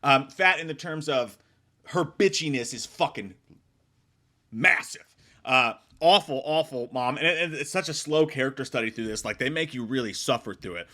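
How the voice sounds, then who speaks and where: A man's voice: medium pitch, normal speed. A man giving a casual spoiler review of a film, rambling and swearing freely. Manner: profane, rambling, animated. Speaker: movie reviewer.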